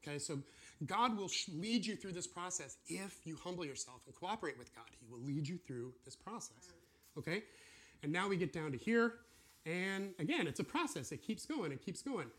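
Male preacher, casual teaching tone, voice sitting a little high, very expressive delivery that acts out little dialogues. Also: moderate pace. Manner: animated, acts out voices of God and believers. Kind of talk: casual teaching sermon with drawings.

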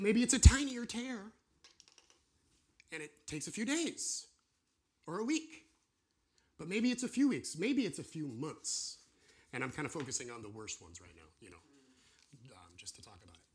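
A man teaching an informal sermon to a class, animated and acting out the voices of people and God. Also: fairly high pitch, normal speed, pauses often. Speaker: pastor or church teacher.

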